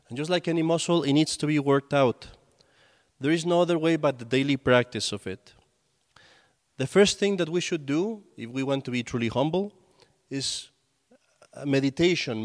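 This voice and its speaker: A preaching priest in a reverberant hall. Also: male voice, on the high side. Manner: storytelling with acted quotes, conversational. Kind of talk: sermon.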